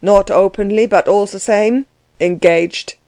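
A woman's voice: mid-range voice, steady tone, unhurried, mellow, no echo, close to an everyday voice. A woman reading aloud, voicing a harsh, bossy middle-aged German man who laughs at others. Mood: mocking.

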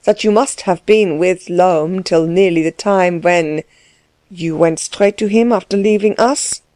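A woman voicing a gruff, overbearing middle-aged man who questions people curtly and pushily in a storybook reading. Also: fairly low pitch, measured pace, mellow, no echo, close to an everyday voice. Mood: menacing. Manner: curt, pushy questioning.

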